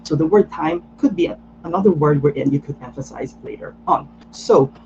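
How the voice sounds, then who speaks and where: A man's voice: a little high, a little fast, mellow, muffled recording, slight background noise. A man teaching an online lettering workshop, explaining patiently with frequent "so" and "um" fillers. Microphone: video call.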